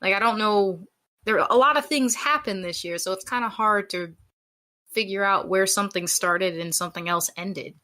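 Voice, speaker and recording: A woman in easy podcast chat who hesitates often and then rambles on. Her voice sits at a middle pitch. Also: normal speed, sharp tone. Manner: chatty and hesitant. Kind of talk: casual chat.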